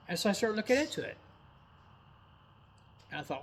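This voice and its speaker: A man's voice: sits high, very animated, normal speed, long pauses, fairly bright tone, slight background noise. A man of about fifty, a truck driver, telling a personal story in a blunt, folksy way with some mild cursing.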